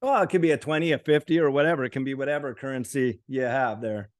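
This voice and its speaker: A man's voice: medium pitch, fast talker. A man guest in a casual chat, talking with emphatic enthusiasm. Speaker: guest commentator.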